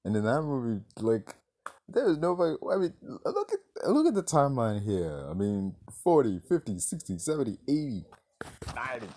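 A man's voice: medium pitch, very animated, normal speed, warm tone. A man reviewing a movie in a casual rant, exasperated, swearing and firing off rhetorical questions.

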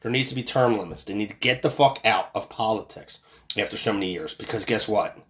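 A man's voice: lowish voice, fairly quick. A man hosting a casual podcast, ranting about politics in a profane, angry way, with sarcastic outbursts and repeated words when worked up. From United States. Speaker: podcast host.

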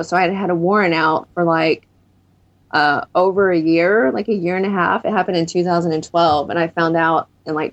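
A woman's voice: lowish voice, creaky. A woman in her thirties, a guest in an interview, candidly telling her own story of recovery. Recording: dull lo-fi recording.

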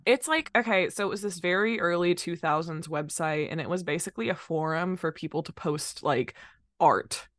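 A woman's voice: on the low side, normal speed, no room sound. Chatty young woman, dry close sound. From North Carolina. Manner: chatty, laughs often, animated storytelling. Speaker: guest musician. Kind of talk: casual podcast chat.

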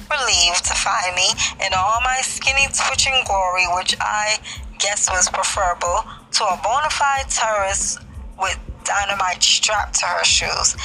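A woman reading a memoir aloud in a lively storytelling way. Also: medium pitch, poor audio. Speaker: book reader.

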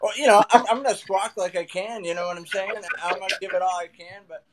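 Laid-back male guest, casual storytelling with trash talk, slightly raised pitch. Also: fast, a crowd in the background. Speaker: guest angler. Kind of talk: casual podcast chat.

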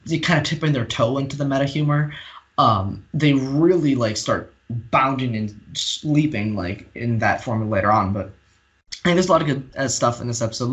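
Man, podcast co-host, middle pitch, casual storytelling, lots of fillers. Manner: steady storytelling with many fillers. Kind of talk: casual recap chat.

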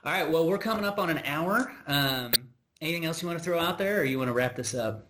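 A fast-talking, animated American man with a voice on the high side hosts a podcast amid background noise. He rambles through an exasperated work story in casual conversational fashion, restarting often and adding asides.

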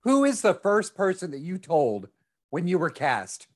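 A man's voice: high-pitched, huge pitch swings, a little slow, no room sound. Chatty, rambling male podcast host. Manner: enthusiastic, rambling, repeats words. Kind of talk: casual podcast chat.

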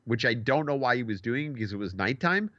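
A man's voice: mid-range voice, a little fast, no echo. A man in casual podcast chat, telling stories with lots of swearing and acting out what other people said. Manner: animated storyteller, acts out quoted people, swears casually. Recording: dull lo-fi dry sound.

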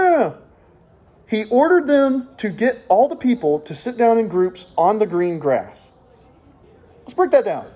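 A male preacher delivers a sermon in church, storytelling with jokes and questions to his listeners. His voice sits high and leaps around expressively. The tone is mellow and a little husky. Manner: lively, jokey storytelling, asking the listeners questions.

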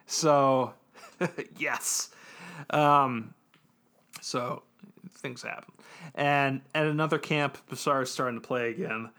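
A man's voice: mid-range voice, fairly even intonation, slow pace, pauses often, pushed and bright. A man casually recapping an anime episode on a podcast, loose and joking, with plenty of ums and restarts. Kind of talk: casual chat.

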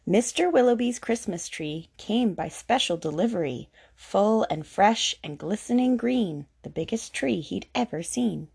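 A woman reading a rhyming picture book aloud in a lilting, gently expressive way. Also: mid-range voice, measured pace, gravelly, hardly any pauses, breathy edge. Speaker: storyteller.

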